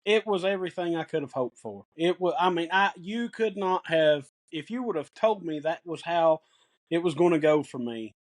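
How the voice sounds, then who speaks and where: A middle-aged man with a Tennessee accent, co-hosting a sports podcast and telling excited, folksy stories in casual chat. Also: a little high, normal speed. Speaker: podcast co-host.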